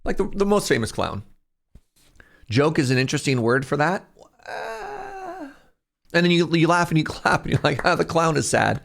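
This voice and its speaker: A man's voice: on the high side, animated, a little fast, vocal fry, fairly bright tone. A man streaming live, chatting casually with his viewers in a jokey, talkative way and laughing often.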